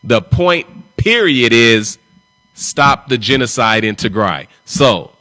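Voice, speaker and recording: A man's voice: mid-range voice, animated, takes it slowly, bright, forceful tone, no echo. A man hosting a live stream, talking in an emphatic, repetitive and confrontational way. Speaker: livestream host.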